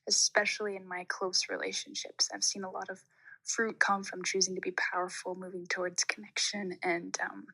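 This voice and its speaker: Bright-voiced young woman asking for advice. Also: mid-range voice, level tone, normal speed, poor audio. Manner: earnest, with frequent ums. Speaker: listener sending in a question. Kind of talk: recorded listener question.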